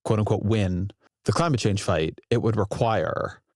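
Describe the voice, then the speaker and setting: A man's voice: lowish voice, measured pace, a little mellow, no echo, clean studio sound. A man interviewing a guest on a podcast, pushing back with probing questions. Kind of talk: interview conversation.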